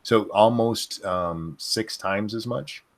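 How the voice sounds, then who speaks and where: Low-voiced, deadpan male co-host. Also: slow pace. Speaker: podcast co-host. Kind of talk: casual livestream chat.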